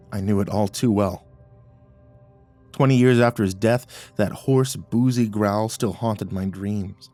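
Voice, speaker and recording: A man with a low voice tells a first-person horror story with dramatic swells. Soft music runs quietly beneath his narration. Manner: dramatic, rising to near-shouts at tense moments. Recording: faint music underneath.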